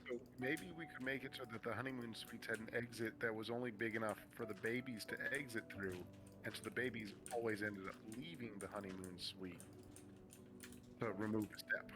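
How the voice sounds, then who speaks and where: A man in casual gameplay chat with friends, relaxed and rambling as he thinks aloud. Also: lowish voice, a little fast. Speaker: game streamer.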